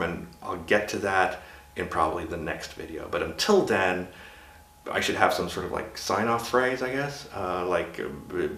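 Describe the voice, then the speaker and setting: A man's voice: low voice, a bit bright. A man in his fifties from Sweden, speaking with a chosen American accent in a candid, chatty vlog monologue full of asides and restarts. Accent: American, put on by a Swedish speaker. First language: Swedish. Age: 50s. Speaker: vlogger. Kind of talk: casual personal monologue. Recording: roomy echo.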